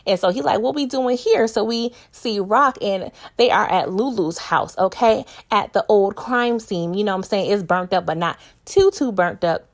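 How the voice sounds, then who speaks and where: A young woman from New York giving a casual, chatty recap of a TV episode, laughing often and talking straight to her viewers. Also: mid-range voice. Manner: chatty, laughs often, addresses viewers as "y'all", acts out characters' lines.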